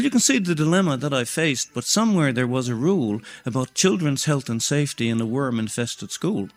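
An older man, a storyteller reciting a rhyming tale in a steady rhythm. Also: a little high.

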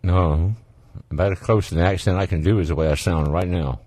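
A man's voice: low-pitched, fairly even intonation, fairly quick, warm tone. A man with a Southern US accent hosting a radio call-in show, chatting in an easygoing, folksy way with callers. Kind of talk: talk radio chat. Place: radio studio. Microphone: studio microphone.

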